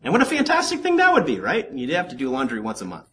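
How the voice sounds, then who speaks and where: A man delivering a sermon in a bright, forceful voice, his pitch leaping up and down as he jokes and turns to the congregation. His delivery is animated, with a conversational teaching style. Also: quick pace, slight background noise. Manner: animated and joking, with asides to the congregation. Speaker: pastor teaching a Bible study.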